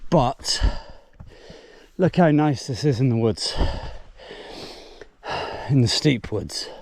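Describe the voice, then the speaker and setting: A British man films himself hiking up a steep woodland trail, out of breath and puffing between casual remarks as he exclaims at the views. His medium-pitched voice is animated, slow, creaky, and a little mellow.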